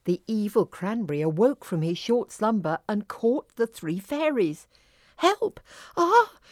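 A woman reading a children's fairy story aloud, slowly and carefully. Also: mid-range voice, animated, mellow, no echo, studio quality.

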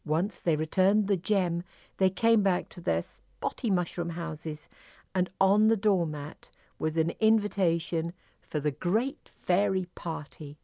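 A woman reading a children's fairy story aloud, slowly and carefully. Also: fairly low pitch, gravelly, warm tone, no room sound, clean studio sound.

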